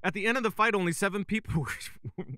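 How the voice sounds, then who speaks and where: An upbeat man hosts a casual gaming podcast and leads each segment with questions. His voice is smooth and resonant, a touch high. The sound is dry and close, with no room in it. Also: fast talker, sharp tone, no room sound. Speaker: podcast host.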